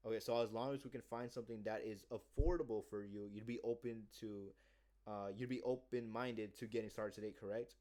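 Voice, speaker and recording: Man, slightly low voice, casual vlog monologue, cocky, rambling, swears, salesy. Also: steady tone, a little fast, mellow. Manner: rambling, cocky, profane, acting out sales pitches. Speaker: sales job seeker.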